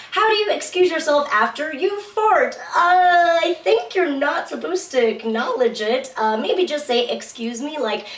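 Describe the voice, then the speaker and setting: Brief: young female host, lively and playful, high voice, teaching Japanese phrases, recorded a bit off-mic in an echoey room. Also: distant mic. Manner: playful, switches between English and Japanese. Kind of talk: casual language lesson.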